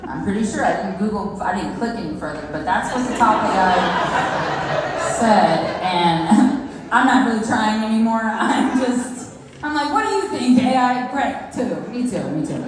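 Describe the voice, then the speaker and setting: A woman in her thirties tells chatty stand-up stories and talks straight to the crowd. Her voice sits at an ordinary middle pitch. It carries through a very echoey club with a long reverb tail. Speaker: stand-up comedian. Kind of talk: stand-up comedy storytelling. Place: comedy club stage.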